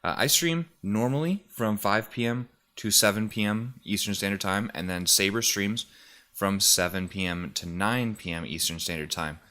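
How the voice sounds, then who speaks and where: A YouTuber and streamer with a lowish voice and sharp tone talks at a moderate pace into a desk mic at home. He rambles casually, full of fillers and restarts, sounding a little out of breath and sniffly.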